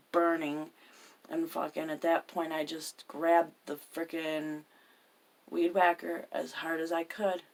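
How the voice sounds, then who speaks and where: A woman's voice: low-pitched, creaky. A woman hosting a podcast, telling a personal story in a profane, emphatic way. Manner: profane, emphatic, swears constantly. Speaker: podcast host.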